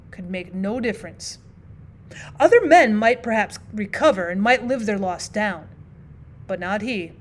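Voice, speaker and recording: A woman teacher reading a classic short story aloud as audiobook narration, measured and expressive. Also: fairly high pitch, slight background noise.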